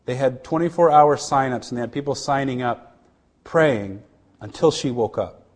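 A middle-aged missionary man sharing a personal testimony in an earnest, halting way, with many restarts, dropping to a hush at tender moments. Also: medium pitch.

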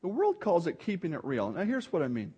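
A man's voice: high-pitched, huge pitch swings, a little fast, mellow, breathy edge, muffled recording. A middle-aged male pastor preaching a sermon in an earnest, emphatic way, often restarting his phrases.

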